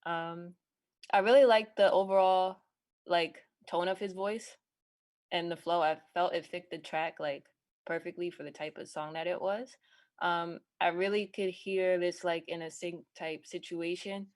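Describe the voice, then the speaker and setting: Low-voiced woman giving casual feedback. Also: measured pace. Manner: relaxed, lots of ums. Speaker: music review co-host.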